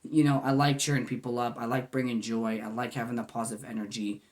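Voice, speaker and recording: A man's voice: medium pitch, flat delivery, quick pace, a little mellow. A man in his twenties talking to camera in a goofy yet earnest, rambling way, full of "man" and "you know". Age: 20s. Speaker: vlogger. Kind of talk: casual heartfelt monologue.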